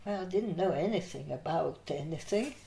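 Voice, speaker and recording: A woman's voice: on the low side, animated, normal speed, gravelly, mellow. An older woman from Austria, interviewed for an oral history, telling a long anecdote with frequent laughter. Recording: echoey room.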